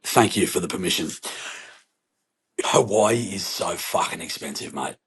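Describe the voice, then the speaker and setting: A man's voice: deep voice, expressive, a little slow, a bit bright, slight background noise. A young Australian man co-hosting a podcast, telling holiday stories in a playful, sweary way. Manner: playful, alliterative, swears often, acts out voices. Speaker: podcast co-host. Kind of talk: casual chat, storytelling.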